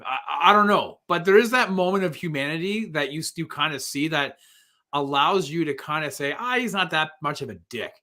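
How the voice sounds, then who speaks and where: A man's voice: fairly high pitch, animated, a little fast, pushed and bright. A man co-hosting a podcast, chatting casually about a movie, laughing often and acting out lines. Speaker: podcast co-host.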